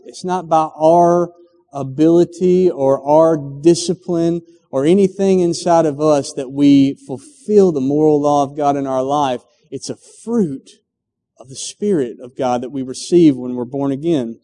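Dark-voiced middle-aged preacher in a reverberant hall. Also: male voice, fairly high pitch, measured pace. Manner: storytelling with acted quotes and frequent restarts. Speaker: pastor. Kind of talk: sermon.

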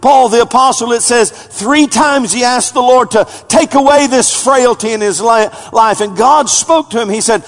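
Pastor guy preaching, pretty high voice, gets loud then goes real quiet, big echoey church. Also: moderate pace, hardly any pauses. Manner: preaching, swinging from loud emphatic peaks to low quiet asides. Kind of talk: sermon. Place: church sanctuary.

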